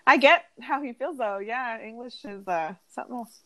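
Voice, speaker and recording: A woman's voice: on the high side, normal speed, low-quality recording. A woman hosting a podcast, chatting casually and recapping an episode, often laughing through her stories. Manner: laughs often, animated storytelling. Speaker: podcast host.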